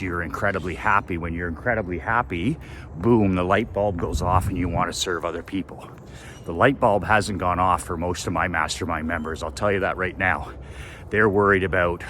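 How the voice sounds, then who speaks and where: A man's voice: low voice, bright, forceful tone, a little hiss or hum. A man giving a blunt, profane motivational rant as a business coach, hammering his points with repetition.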